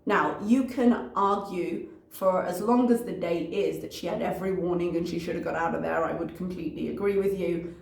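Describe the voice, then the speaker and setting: A woman's voice: lowish voice, normal speed, gravelly, darkish tone, reverberant. A woman commentator reacting to a video in a casual, analytical way, working through her notes with frequent ums.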